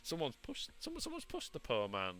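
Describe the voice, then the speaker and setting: A man's voice: on the high side, wildly swooping pitch, fairly quick, a bit bright. A man streaming a courtroom video game, reading lines aloud and joking around in casual commentary. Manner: reads game dialogue aloud and jokes. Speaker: VTuber streamer. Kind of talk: casual let's-play commentary.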